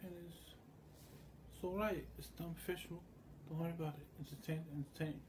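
A man's voice: a little high, steady tone, fairly quick, noisy background. A man talking in a loose, meandering monologue, often slipping into quoted voices as he tells his story. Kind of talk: rambling monologue.

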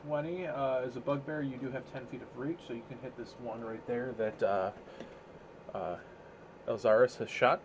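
A man runs a tabletop game as its game master, narrating in a relaxed, casual way. His voice sits at an everyday pitch, with a faint hiss of background noise. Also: moderate pace.

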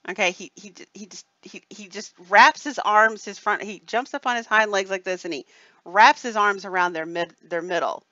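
A woman's voice: medium pitch, moderate pace, pushed and bright, no echo. A woman hosting a live stream in casual chat, rambling and reading viewer comments, often checking in with "okay?". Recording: dull lo-fi dry sound.

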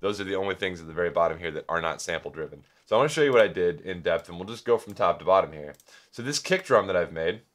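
A man's voice: deep voice, animated, quick pace. A young man hosting a casual music production tutorial, rambling and joking about himself with plenty of ums. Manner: rambling, self-joking, many filler ums. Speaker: music producer and video host.

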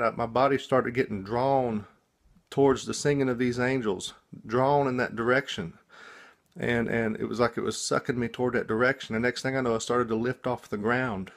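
A man telling about a dream he just woke up from, in a casual, halting testimony full of restarts and repeated words. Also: mid-range voice, a bit bright. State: just woken up.

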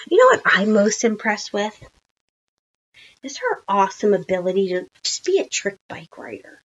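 A woman teacher reading a children's storybook aloud, with chatty, animated asides. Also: high-pitched, husky, lo-fi sound.

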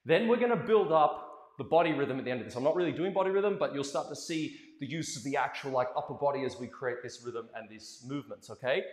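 Middle-aged man, dance teacher, lively animated voice, energetic coaching, roomy hall with music behind. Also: mid-range voice, fast talker. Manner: energetic coaching, calls out counts and step names. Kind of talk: live dance lesson. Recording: echoey hall with music playing.

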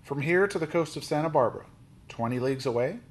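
A man voicing a blunt, bargaining Russian sea captain in a storybook, speaking slowly and brusquely. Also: fairly high pitch, lively intonation.

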